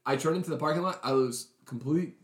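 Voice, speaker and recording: A man in casual chat among friends, telling animated stories and laughing often. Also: on the high side, fast. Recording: roomy echo.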